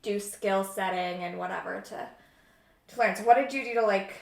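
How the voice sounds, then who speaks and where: A woman's voice: medium pitch, moderate pace, creaky, darkish tone, echoey room. A woman hosting a casual chat with her sister while baking. She is chatty and laughs mid-sentence. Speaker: host and coach. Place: home kitchen.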